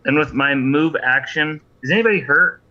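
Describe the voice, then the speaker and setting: Man player, bright forceful voice, careful rules talk, dull lo-fi mic. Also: fairly high pitch, moderate pace. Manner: methodical, asks rules questions. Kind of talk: casual tabletop game chat.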